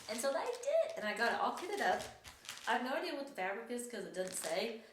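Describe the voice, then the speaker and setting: A young woman hosts a cross-stitch vlog in an easy, chatty way, rambling and correcting herself as she goes. Her voice sits at an everyday middle pitch. The room sounds echoey, with faint background noise. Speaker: flosstube host. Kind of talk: casual show-and-tell vlog.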